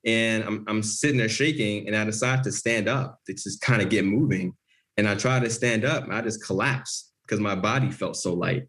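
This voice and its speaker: A man's voice: on the low side, moderate pace, fairly bright tone. A man as an interview guest, telling a personal story in an earnest, vivid way.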